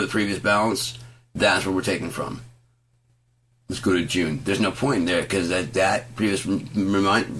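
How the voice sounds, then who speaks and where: A man telling an angry, profane story about an argument over a bill, quoting both sides and swearing constantly, at times shouting. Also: deep voice, slight background noise. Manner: heavy swearing, retelling an argument with quoted back-and-forth, rising to shouts. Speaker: vlogger ranting to camera.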